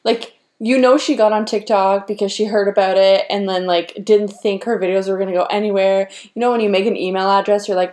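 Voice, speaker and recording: A woman co-hosts a casual podcast with a dry, teasing manner. She talks in a relaxed, mid-pitched voice. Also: fairly quick, hardly any pauses. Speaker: podcast co-host. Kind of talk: casual chat.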